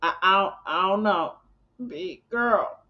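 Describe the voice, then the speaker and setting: A woman's voice: medium pitch, slow, muffled recording. Exasperated woman rambling on a live stream. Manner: rambling, exasperated, lots of restarts. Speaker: live stream host reacting. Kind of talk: live reaction chat.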